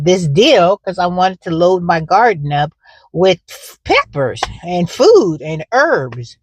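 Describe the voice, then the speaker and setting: Woman gardening vlogger, chatty and rambly, lots of um, kinda low voice, dry close phone sound. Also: no echo. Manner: chatty, rambling, frequent fillers. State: out of breath. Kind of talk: casual vlog chat. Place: in a car.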